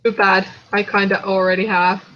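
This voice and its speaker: A woman hosting a livestream in casual chat, playful, giggly and excitable. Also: medium pitch, moderate pace. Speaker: streamer host. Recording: dull lo-fi stream audio.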